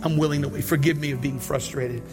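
A pastor preaching a sermon and leading an altar call prayer, pleading and repetitive, building to shouted prayer. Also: male voice, fairly high pitch, steady tone, fast, over music.

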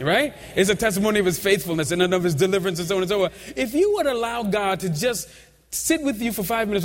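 A man preaching a sermon as pastor, in a chatty way with chuckles and asides to the congregation. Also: high-pitched. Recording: reverberant church hall.

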